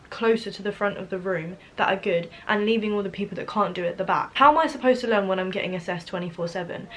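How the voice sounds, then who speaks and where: A woman's voice: medium pitch, fairly bright tone. A teenage girl, talking in a rambling, upset way while doing her makeup for a vlog. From London, England. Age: teens. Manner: rambling, upset, filler-heavy. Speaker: beauty vlogger. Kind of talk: casual confessional chat.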